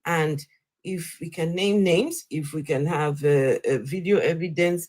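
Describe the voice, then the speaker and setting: Low-voiced woman host pressing for details. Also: measured pace, a little mellow. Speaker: interviewer host. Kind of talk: interview questioning.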